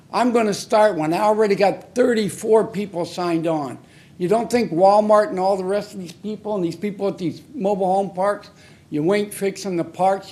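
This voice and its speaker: A man with a notably high voice for a man delivers public comment at a city council podium. He talks in an angry, confrontational way, hammering the council with short, blunt, repeated phrases. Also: darkish tone. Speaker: member of the public giving comment.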